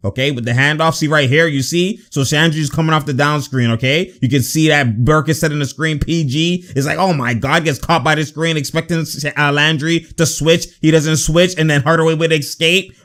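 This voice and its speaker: Man, slightly high voice, casual basketball breakdown, slangy, laughs a lot, excitable. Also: moderate pace. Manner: animated, laughs often, bursts of excitement; slangy, repeats catchphrases. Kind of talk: casual play-by-play film breakdown.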